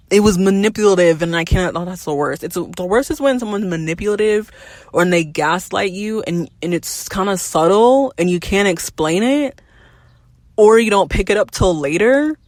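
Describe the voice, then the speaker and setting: A woman's voice: fairly low pitch, no room sound. A young woman in her twenties hosting a candid personal podcast, talking frankly and animatedly, swearing freely and laughing between thoughts. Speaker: podcast host.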